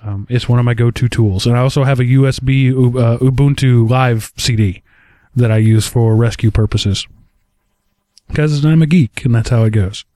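A man hosting a casual tech podcast, joking and quick to laugh. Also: mid-range voice, fairly even intonation, dark tone, dry recording, clean studio sound. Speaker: podcast host.

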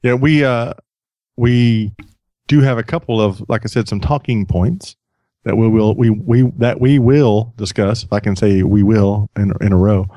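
A man's voice: on the low side, fairly even intonation, unhurried, mellow, no room sound. A man hosting a podcast in casual chat, rambling and self-deprecating, often restarting his sentences. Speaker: podcast host.

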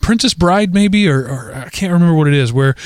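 A man co-hosting a podcast, casually retelling odd news stories in an animated way, often correcting himself mid-sentence. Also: fairly high pitch, a little fast, smooth, no echo, clean studio sound. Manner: animated, self-correcting storyteller. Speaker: podcast co-host.

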